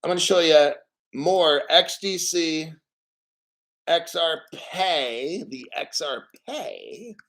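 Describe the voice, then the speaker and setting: A man hosting a crypto video channel, talking in a brash, profane, jokey way and stressing words by saying them slowly. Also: on the high side, lively intonation, fairly bright tone. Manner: emphatic, repeats words slowly. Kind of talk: casual crypto vlog commentary.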